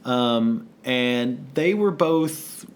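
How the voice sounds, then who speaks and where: A man co-hosting a casual podcast, telling stories with lots of laughter. He's animated, and when he quotes people, he acts out their voices. His pitch sits in the middle of the range. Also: drawn-out words, slight background noise. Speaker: podcast co-host. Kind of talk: casual storytelling chat.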